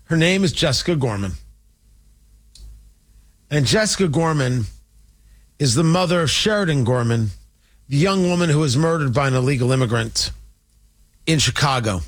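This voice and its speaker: A man with a fairly high voice delivers a heated opinion monologue as a talk show host. He sounds indignant and mocking, pressing each point with emphasis.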